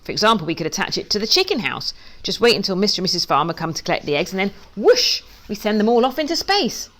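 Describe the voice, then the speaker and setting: A woman voicing a clever, calm duck in a storybook reading, matter-of-fact and scheming. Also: medium pitch, fast. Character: clever, calm duck, the pig's best friend.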